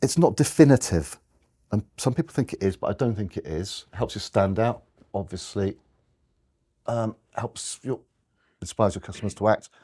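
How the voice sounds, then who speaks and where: A man's voice: lowish voice, normal speed, dark tone, husky. A man giving a conversational slide talk to an audience, often restarting and correcting himself. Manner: rambling, restarts, self-corrections.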